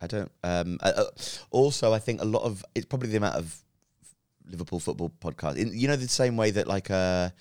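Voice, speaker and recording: Low, crisp-voiced man rambling in chat. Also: lively intonation, brisk, a little mellow, dry recording, studio quality. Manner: rambling, many restarts and repeated words. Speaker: podcast guest, comedian. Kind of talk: casual studio chat. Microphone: studio podcast mic.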